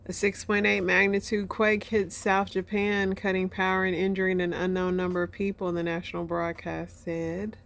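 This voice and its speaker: A woman's voice: mid-range voice, little pitch movement, normal speed, vocal fry, hardly any pauses, a bit bright. A woman hosting a casual podcast, reading news headlines and giving offhand comments. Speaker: host. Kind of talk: casual news chat and reactions.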